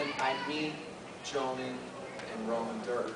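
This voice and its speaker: A man telling a self-mocking story in a lively, joking way to a convention audience, recorded from afar in an echoey hall. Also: medium pitch. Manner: lively, joking, self-mocking, with quick restarts and acted-out voices. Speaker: guest artist at a fan Q&A. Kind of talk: animated storytelling at a convention panel. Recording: echoey convention hall from far off, loud noise.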